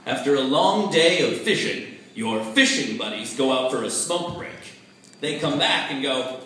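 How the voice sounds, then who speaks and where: A man doing a stand-up comedy set, deadpan with laughing asides, on a club stage. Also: medium pitch, moderate pace. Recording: echoey club with crowd laughter. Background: audience laughing.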